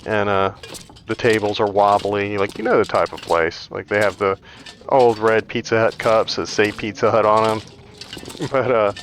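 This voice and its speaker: A gaming channel host tells a rambling, chatty story while he plays, packed with "like" fillers. His voice is fairly low and a bit bright, with fairly even intonation and normal speed, over slight background noise.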